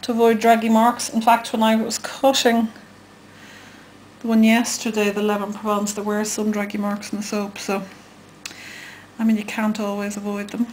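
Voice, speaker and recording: A woman's voice: medium pitch, monotone, moderate pace, a little mellow, slight background noise. A woman who hosts her own channel, chatting casually and giggling as she shows how her soap is made. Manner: chatty and giggly, trails off and hesitates. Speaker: soap maker and channel host. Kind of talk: casual chat while demonstrating.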